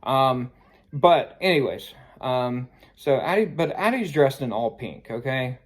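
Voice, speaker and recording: A man's voice: medium pitch, lively intonation, unhurried. A man casually telling a personal story, rambling and sheepish, filling his talk with "like" and "I mean.". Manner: self-conscious, sheepish.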